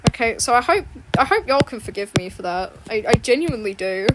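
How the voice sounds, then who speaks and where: A woman's voice: on the high side, lively intonation, brisk. A young woman chatting casually while she draws, rambling, repeating herself and giggling. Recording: noisy background with clicks.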